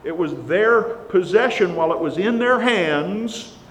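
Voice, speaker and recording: A man's voice: high-pitched, animated, measured pace. Emphatic preacher man in a reverberant hall. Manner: earnest, emphatic, rising on key words. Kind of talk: sermon. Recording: long reverb, faint background hiss.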